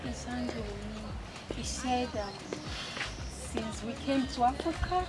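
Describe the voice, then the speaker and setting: Upset wife, pleading, high voice, loud music behind. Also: female voice, animated, takes it slowly. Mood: complaining. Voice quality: pleading, complaining. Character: upset foreign wife complaining about husband.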